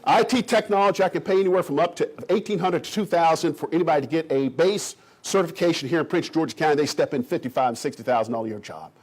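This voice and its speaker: A middle-aged man from Kentucky giving an animated presentation to a room of realtors. He is folksy and emphatic and talks straight to the audience. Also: on the high side, fast talker, few pauses, breathy edge. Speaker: economic development official.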